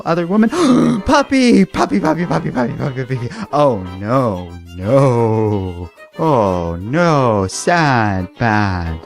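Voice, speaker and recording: A man voicing an excitable, simple-minded male pet dog that talks in broken one- and two-word bursts. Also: mid-range voice, vocal fry, exaggerated voice. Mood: curious. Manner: broken baby-talk in short bursts of one or two words. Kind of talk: comedic voiced bit in a comic recap.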